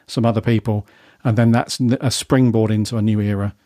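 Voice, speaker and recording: Chatty man with a mellow voice. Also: on the low side, fairly even intonation, brisk, no room sound, studio quality. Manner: chatty, rambling, asks his co-host's view. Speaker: podcast co-host. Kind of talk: casual fan podcast chat.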